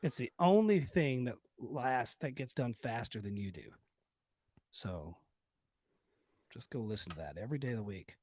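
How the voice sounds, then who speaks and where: A man's voice: medium pitch, expressive, moderate pace, long pauses, a little mellow. A man co-hosting a comedy podcast, rambling with crude jokes and lots of fillers. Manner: vulgar, joking, rambling with fillers. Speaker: podcast co-host.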